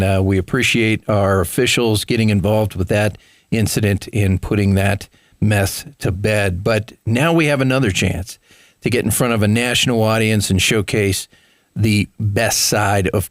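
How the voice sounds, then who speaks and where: A man's voice: on the low side, no echo. A man hosting a local business talk radio show in a studio, chatty and enthusiastic, calling listeners folks. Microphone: studio microphone.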